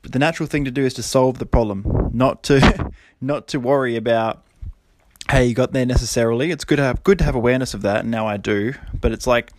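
This podcast host, a man in his thirties, talks briskly in a mid-range voice on his own show. His casual solo monologue rambles along, self-deprecating and motivational, with lots of laughter.

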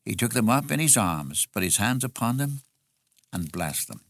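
A man's voice: fairly low pitch, sing-song, normal speed, a bit bright, no room sound. A man preaching an expository sermon in an earnest way, repeating phrases for emphasis.

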